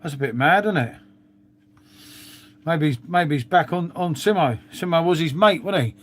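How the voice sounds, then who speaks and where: Middle-aged man, London accent, rambling livestream chat, swears a lot, slightly high voice. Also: animated, normal speed, fairly bright tone. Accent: London English. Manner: rambling, swears, frequent "mate" and tag questions. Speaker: livestream host. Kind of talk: casual chat to live viewers.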